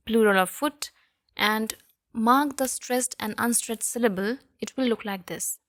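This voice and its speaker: A woman's voice: a little high, no room sound, studio quality. A woman with an Indian English accent teaching a literature lesson. She explains step by step, slips into Hindi now and then, and keeps checking in with "okay?" and "right?". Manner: switches between English and Hindi. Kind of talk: classroom lecture.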